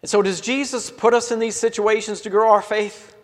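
A male pastor preaching a sermon in a church, in an earnest way, often letting his phrases trail off softly at the ends. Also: high voice, fairly even intonation, fairly quick. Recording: long hall reverb.

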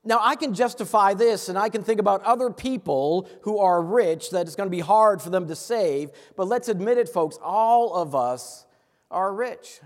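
High-voiced preacher guy from massachusetts, earnest, big echoey hall. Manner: earnest, with quick asides and slow emphatic stresses. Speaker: pastor. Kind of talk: sermon.

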